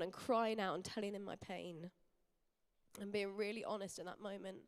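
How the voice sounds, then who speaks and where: A woman's voice: medium pitch, fairly even intonation, normal speed. A young woman giving a sermon in an earnest, personal, conversational way. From England. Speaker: church speaker. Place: church hall.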